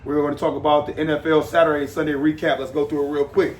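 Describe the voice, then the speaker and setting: A man's voice: a little high, little pitch movement, fast, slight background noise. Emphatic man ranting as podcast host. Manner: emphatic, repetitive, rambling. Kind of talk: casual monologue rant.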